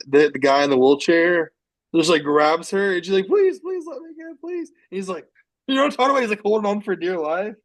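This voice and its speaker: A man's voice: fairly high pitch, fast, rough recording. A man co-hosting a podcast in casual chat, enthusiastic and often checking in with his co-host. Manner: enthusiastic, often asks "you know what I'm talking about?".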